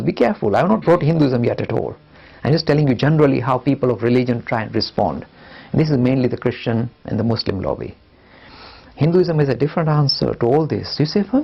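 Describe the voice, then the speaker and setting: An older man teaching a lecture on religion, animated, acting out the voices of imagined arguers. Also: medium pitch, gravelly, breathy edge, muffled recording. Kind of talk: lecture to students.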